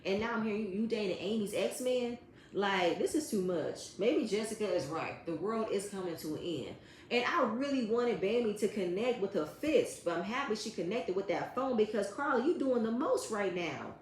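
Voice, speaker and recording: A woman's voice: mid-range voice, animated, moderate pace, slight background noise. A woman giving a blunt, profane recap of a reality TV episode, talking straight at the cast members. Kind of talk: casual commentary recap. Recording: roomy echo.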